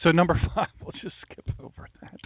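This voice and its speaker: A man, a pastor, giving a mocking, animated commentary monologue and talking to an imagined audience. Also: brisk, dry recording. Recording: tinny phone-like dry sound.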